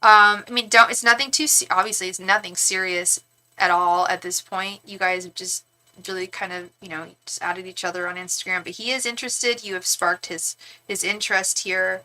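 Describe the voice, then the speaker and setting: A woman reads tarot live for her viewers, her voice bright and forward. She talks in a loose, reassuring way, stumbling over restarts and fillers and calling the viewer fond names as she goes. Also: mid-range voice, steady tone, moderate pace, poor audio. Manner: affectionate asides to the viewer. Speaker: tarot reader and psychic. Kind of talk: live-stream tarot reading, reading viewer comments aloud.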